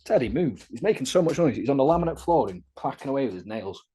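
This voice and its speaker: Fast-talking and sing-song, with a mellow, medium-pitched voice, a young British man recounts crude anecdotes in a casual podcast interview. He's an adult content creator whose candid, chatty storytelling leans on crude humour.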